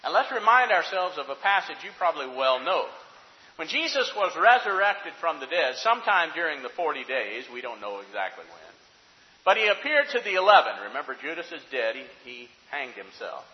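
A man's voice: a little high, big pitch swings, a little fast. A man preaching a sermon, emphatic and full of rhetorical questions, in a church sanctuary. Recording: dull, echoey hall recording.

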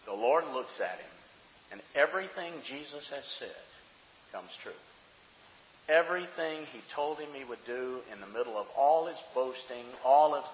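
A man preaching a sermon, telling a story dramatically, dropping to hushed tones and rising to fervent peaks. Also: medium pitch, animated, moderate pace, a little hiss or hum. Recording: echoey hall, dull sound.

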